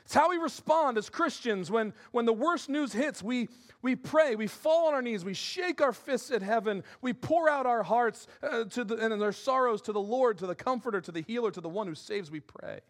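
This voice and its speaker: A man preaching a sermon with passion, repeating words and dropping into soft asides. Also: extremely high pitch, expressive, moderate pace, hardly any pauses. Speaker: pastor.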